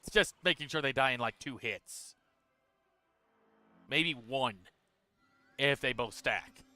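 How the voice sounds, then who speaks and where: A man streaming a video game, talking through his moves in a relaxed, casual way, a little tired. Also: medium pitch, slow, clear, resonant tone, no echo, faint music behind. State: tired, yawning. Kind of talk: casual gameplay commentary.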